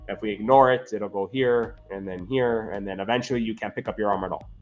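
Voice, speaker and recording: Guy physio telling stories in an interview, lowish voice, keeps saying right?, soft music under. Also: quick pace, muffled recording. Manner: earnest, animated, frequent "right?" tags. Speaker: physiotherapist guest. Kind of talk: casual interview storytelling.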